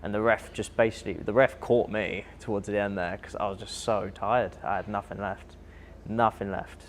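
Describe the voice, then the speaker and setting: Young boxer with a low voice, recounting a fight. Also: male voice, normal speed, slight background noise. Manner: vivid, animated retelling with breathy asides. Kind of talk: documentary interview recounting a fight.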